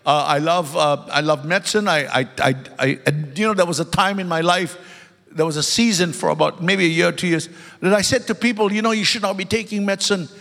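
High-voiced preacher in an echoing church. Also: male voice, fairly quick, vocal fry, fairly bright tone. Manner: emphatic, repeats key words, calls to the congregation; joking asides. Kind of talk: sermon. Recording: long hall reverb.

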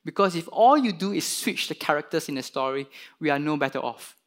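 A man preaching a sermon, retelling a parable and acting out its characters with lively emphasis. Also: on the high side, fairly quick. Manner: animated, voices the parable's characters with rising emphasis. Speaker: pastor.

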